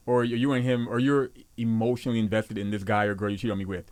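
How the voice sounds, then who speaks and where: A man's voice: fairly low pitch, little pitch movement, darkish tone, clean tone. A man who is a guest on a podcast, chatting casually and stopping and restarting as he searches for words. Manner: halting, lots of restarts and fillers. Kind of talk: casual chat.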